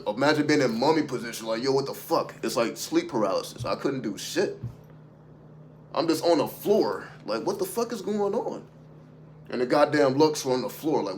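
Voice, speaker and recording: A man's voice: fairly low pitch, a little hiss or hum. A man talking off the cuff on a livestream as a spiritual content creator, emphatic and profane, throwing rhetorical questions at his viewers. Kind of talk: unscripted livestream monologue.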